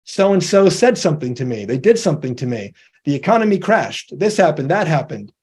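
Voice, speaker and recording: A man's voice: fairly high pitch, very animated, fairly quick, a little mellow, slightly rough. A man presenting a motivational talk, explaining ideas step by step and acting out quoted dialogue.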